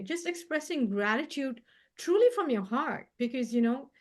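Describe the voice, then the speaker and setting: A woman appearing as a guest healer in a casual chat, speaking gently and warmly. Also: high-pitched, expressive, normal speed.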